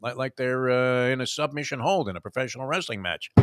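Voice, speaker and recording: An older man hosting a morning radio show, telling rambling stories with lots of "uh" fillers and shouting out quoted lines. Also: medium pitch, a little fast, background noise. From South Florida resident for over forty years. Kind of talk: casual morning radio chat.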